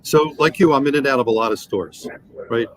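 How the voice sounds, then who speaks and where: A man in his sixties, a sales trainer, telling animated anecdotes and acting out the dialogue in a podcast interview. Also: medium pitch, a little fast, a little hiss or hum, rough recording. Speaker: guest, automotive sales trainer.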